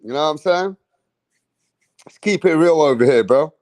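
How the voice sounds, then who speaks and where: Guy on a boxing stream, kinda high voice, tellin off the chat, lots of bruh and man. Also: expressive, moderate pace, a little mellow. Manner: streetwise slang, chiding, repeats "bruh" and "man". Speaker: boxing channel host. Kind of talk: casual livestream rant.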